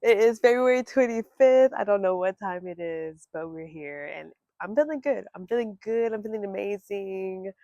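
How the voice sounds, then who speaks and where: A young woman vlogging from home, talking in a candid, rambling way with plenty of swearing. Her pitch sits in the middle of the range, and the sound is dry and close with no room echo. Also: animated, moderate pace, hardly any pauses, dark tone, muffled recording. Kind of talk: casual talk to camera.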